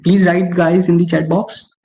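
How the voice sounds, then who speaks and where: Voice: mid-range voice, flat delivery, a little slow, warm tone. A young adult teaching algorithms in an online webinar, saying okay constantly and correcting themself mid-sentence. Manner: says okay constantly, stops to correct itself. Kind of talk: online coding lecture. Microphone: online call microphone. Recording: dull lo-fi call audio.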